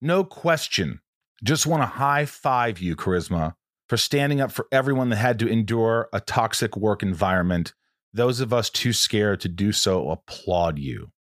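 A man's voice: fairly low pitch, animated, moderate pace, a bit bright, dry recording, clean studio sound. A man hosting a podcast interview, talking in a rambling, casual way, often restarting his sentences and swearing now and then. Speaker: podcast host.

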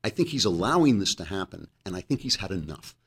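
A man's voice: sits low, big pitch swings, fast, slightly rough. A man hosting a political commentary monologue, sarcastic, reading news quotes aloud with asides. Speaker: host.

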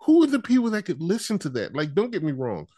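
A man co-hosting a casual wrestling podcast, animated and quick to laugh and mimic people. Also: high voice, no room sound. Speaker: podcast co-host.

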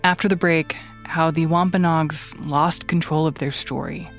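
A podcast host reading scripted news narration crisply. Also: medium pitch, steady tone, moderate pace, faint music behind.

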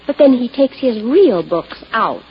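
A woman's voice: on the high side, very animated, unhurried. A flustered small-town librarian who giggles and stammers, her voice leaping up and down. It is a dull, lightly hissy old radio recording. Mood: fluttery. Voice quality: breathy, giggly, hesitant. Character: fluttery, nervous small-town librarian woman. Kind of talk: 1950s radio drama acting.

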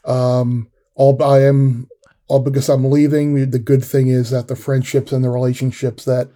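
A man with a mellow, warm voice co-hosts a casual sports podcast. He rambles in a relaxed way, restarting his sentences as he goes. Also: mid-range voice, moderate pace. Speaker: podcast co-host.

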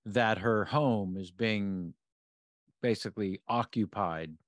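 A man hosting a podcast, talking through an episode in a measured, analytical way, often restarting his sentences. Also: fairly low pitch, no room sound, clean studio sound. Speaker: podcast host. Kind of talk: episode discussion.

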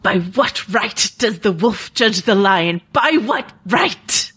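Brief: woman playing a proud knight, slow theatrical declaiming. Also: medium pitch, lively intonation, a bit bright, slightly rough, exaggerated voice. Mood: indignant. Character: brooding knight, adult man, proud.

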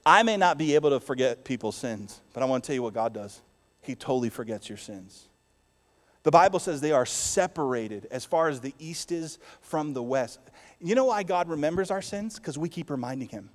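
A man preaching a sermon as pastor to his church, swinging between loud declarations and hushed, soft passages. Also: a little high, expressive, a little fast, in a large hall.

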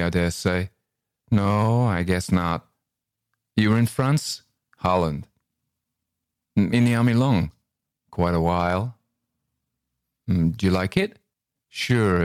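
A man's voice: low-pitched, clear, resonant tone, no echo, clean studio sound. A man doing a languid, curt American corporal. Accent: New York. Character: curt, weary, scarred American army corporal.

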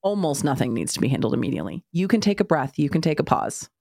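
A woman's voice: low voice, big pitch swings, fast, creaky, darkish tone, dry recording, clean studio sound. A woman in her thirties co-hosting a parenting podcast, talking frankly with casual swearing and wry asides. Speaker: parenting podcast co-host and author. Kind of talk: casual chat.

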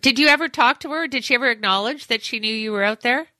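Bright, dry-sounding woman host. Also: a little high, fast, dry recording. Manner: chatty, rambling questions. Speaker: podcast host. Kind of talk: casual interview chat.

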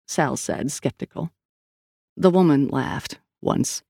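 A man narrating an audiobook in a steady, even reading. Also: on the high side, moderate pace, vocal fry, no echo, clean studio sound.

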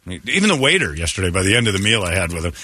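A man hosting a morning radio show, chatting and joking in a loose, animated way. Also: sits low, racing, breathy edge, dry recording, clean studio sound. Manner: animated, jokey, exclamatory. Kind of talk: casual radio banter.

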